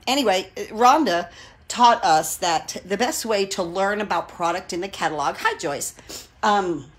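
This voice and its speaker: A woman in her sixties chats her way through a live crafting stream, wandering off topic and greeting viewers by name. Her voice sits at an ordinary middle pitch, warm-hearted and gushing, with plenty of fillers as she talks. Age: 60s. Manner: gushing and enthusiastic. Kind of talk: casual live-stream chat.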